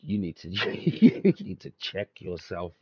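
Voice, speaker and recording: Low-voiced man, lively chat. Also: takes it slowly, background noise. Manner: swearing, storytelling, laughs often, uses slang like bruv and mate. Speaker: podcast host. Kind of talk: casual chat.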